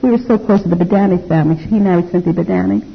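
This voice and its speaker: An older woman giving a personal testimony to an audience, animated and acting out the dialogue she recalls. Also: fairly low pitch, racing, creaky, breathy edge. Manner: animated storytelling, acts out quoted dialogue. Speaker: speaker telling her life story to an audience. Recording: dull lo-fi recording.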